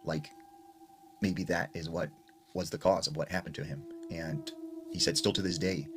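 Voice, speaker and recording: A man with a low voice and fairly even intonation casually retells a scary story he heard, speaking at normal speed in a loose, conversational way full of fillers. The recording is noisy with ambient sound.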